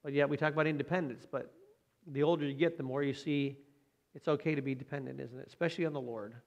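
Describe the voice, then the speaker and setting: A man's voice: medium pitch, steady tone, quick pace, creaky, highs cut off. Male preacher, mid-range voice, easygoing sermon delivery, leans on tag questions. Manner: conversational, frequent rhetorical tag questions.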